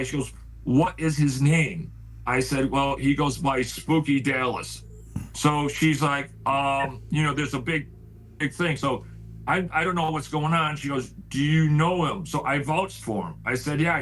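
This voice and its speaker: A man's voice: medium pitch, a bit bright, low-quality recording. A man telling a heated story on a video call. He talks casually, stacks up "I said" over and over, and swears when he gets worked up. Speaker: paranormal house owner telling a story.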